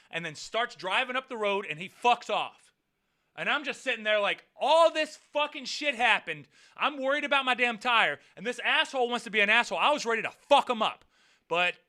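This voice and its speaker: A man telling a road-rage story in a casual vlog, swearing freely and swinging between muttering and near-shouting. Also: high voice. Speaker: vlogger.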